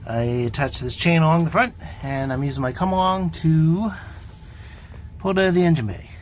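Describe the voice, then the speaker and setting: At a moderate pace and with slight background noise, an older man whose voice sits on the high side narrates his motor refit from inside a sailboat cabin. His casual running commentary is dry and self-mocking, packed with fillers.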